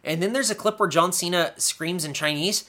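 A young man co-hosting a casual podcast, chatting fast and acting out lines in a playful, animated way. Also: sits high. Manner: animated, quick quips, acts out wrestlers' lines. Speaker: podcast co-host. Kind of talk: casual chat recapping wrestling.

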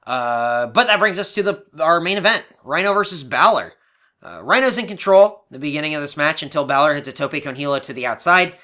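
A man's voice: on the high side, expressive, a little fast, bright, forceful tone. A man co-hosting a podcast, recapping a show in loose, chatty talk with lots of fillers and laughs. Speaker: podcast co-host. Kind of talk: casual chat recapping a show.

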